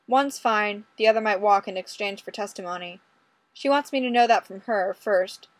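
A woman's voice: medium pitch, normal speed, no echo. Woman narrating wryly, dry close sound. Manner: wry, conversational. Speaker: audiobook reader. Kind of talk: first-person story narration.

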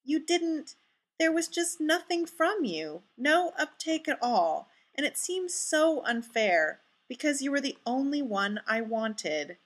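An earnest, formal young man, read by a woman. The voice is bright and sits a little high, and it speaks with plain sincerity. The whole part is read as part of an audiobook-style story. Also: big pitch swings, takes it slowly, heavily acted.

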